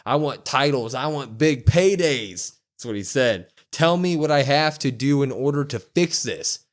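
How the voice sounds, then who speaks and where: A man co-hosting a podcast, excitedly retelling a show and acting out the quotes. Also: medium pitch, measured pace. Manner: animated storytelling, acts out quotes with loud whoops. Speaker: wrestling podcast co-host. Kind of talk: excited casual recap.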